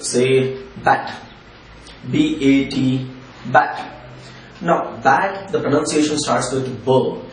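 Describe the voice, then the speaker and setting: Indian man teaching English in an echoey room. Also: on the high side. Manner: patient, repeats and spells out examples. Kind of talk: spoken grammar lesson. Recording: echoey room, distant from the mic, faint ambient noise.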